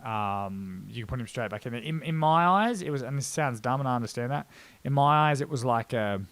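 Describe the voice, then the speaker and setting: An Australian man hosts a casual MMA reaction video, rambling, filling space with lots of fillers and poking fun at himself. His mid-range voice is expressive, brisk and fairly bright, with no echo.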